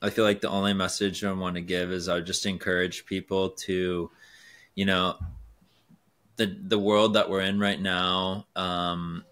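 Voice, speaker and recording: A man's voice: low-pitched, little pitch movement, a little slow, fairly bright tone, clear, resonant tone. A man in his twenties, a guest on a podcast, talking earnestly and philosophically with many fillers like "you know" and "like". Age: 20s. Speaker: guest, race car driver. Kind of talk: casual podcast conversation.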